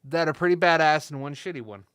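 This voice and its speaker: A man's voice: fairly high pitch, quick pace, a bit bright, smooth, no echo. A young man co-hosting a gaming podcast in casual chat, rambling and swearing, very tired. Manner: rambling, profane, joking. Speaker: podcast co-host.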